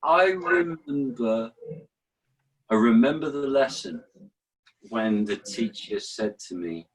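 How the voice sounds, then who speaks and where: A man's voice: sits low, expressive, moderate pace, low-quality recording. A man, an actor and author, telling stories in an interview and chanting verse rhythms aloud. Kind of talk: relaxed explanatory interview talk.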